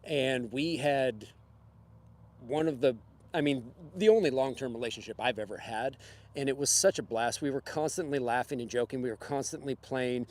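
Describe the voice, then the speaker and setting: A man's voice: medium pitch, moderate pace, a little mellow. A man casually telling a personal story on a livestream in a rambling, conversational way with many fillers and chuckles. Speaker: livestream host.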